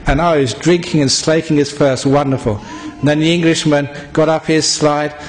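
A man from England giving a relaxed Buddhist talk to an audience, full of jokes and chuckles. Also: a little high, normal speed. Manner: relaxed, joking, chuckling teller. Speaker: Buddhist teacher.

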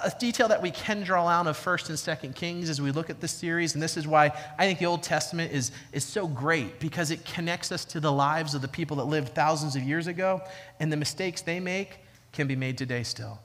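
A man with a high, bright, ringing voice delivers a church sermon. He is emphatic and repeats key lines slowly for weight. His voice carries a long reverb from the church hall. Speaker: pastor. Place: church sanctuary.

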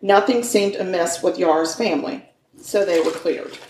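Low-voiced woman telling a crime story. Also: normal speed, a little mellow, distant mic, a little hiss or hum. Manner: chatty, folksy asides, stumbles over names. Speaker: podcast co-host. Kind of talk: casual true-crime storytelling. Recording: echoey room.

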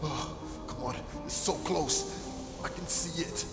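A man hams up his own gameplay like a tense movie scene, urging himself on and lurching from hushed dread to sudden shouts. His voice sits a bit high with a gravelly fry. The room rings around him and music plays loudly underneath. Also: takes it slowly. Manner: over-the-top dramatic self pep talk, swinging from hushed to shouting. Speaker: gaming YouTuber. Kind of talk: melodramatic gameplay skit. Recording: roomy sound with music behind.

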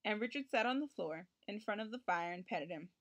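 A woman reading a children's picture book aloud in an expressive storytelling manner. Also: medium pitch, fairly quick.

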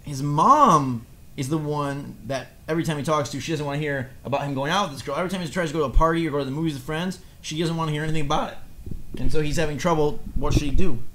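A man co-hosting a casual advice podcast, chatty and quick, trailing into fillers. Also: on the high side, pushed and bright. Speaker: podcast co-host reading listener letters.

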